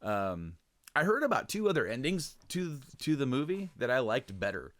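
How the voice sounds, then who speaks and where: A young man chatting casually on a podcast, his pitch sitting in an ordinary middle range. He rambles through stories with plenty of fillers and restarts, curses freely, and jumps up in pitch whenever he acts out what someone said. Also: very animated, normal speed, fairly bright tone. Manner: acts out quoted lines in a raised voice. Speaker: podcast co-host. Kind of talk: casual chat.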